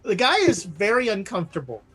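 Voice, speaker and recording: A woman running a tabletop horror game as game master, laughing often and voicing townsfolk with big pitch jumps. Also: big pitch swings, brisk, husky, soft background music.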